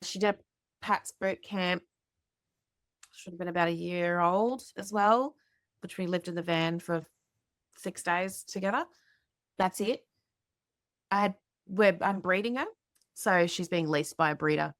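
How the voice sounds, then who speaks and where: A woman hosting a podcast, telling a story in a chatty, animated way with lots of fillers. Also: lowish voice, measured pace, pauses often, no room sound, studio quality. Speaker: podcast host. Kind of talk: casual storytelling chat.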